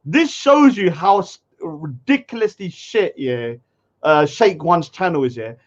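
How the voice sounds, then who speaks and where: A man's voice: a little high, animated, unhurried. A man commenting scornfully on a livestream, mocking comments. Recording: dull lo-fi stream audio.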